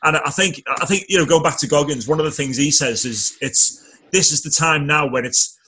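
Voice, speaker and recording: Male podcast host, bright and forceful voice, blunt, swears casually. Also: fairly high pitch, moderate pace, slightly rough.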